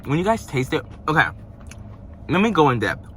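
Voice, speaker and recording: A young man talking casually through a fast-food review from his parked car, rambling and playful. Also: on the high side, big pitch swings, a little hiss or hum. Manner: chatty, rambling, playful asides. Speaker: vlogger.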